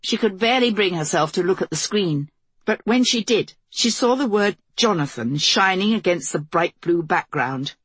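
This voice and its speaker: A woman narrating a novel as an audiobook in a steady, measured storytelling voice, recorded close to the mic. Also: mid-range voice, husky, no room sound. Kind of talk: scripted narration.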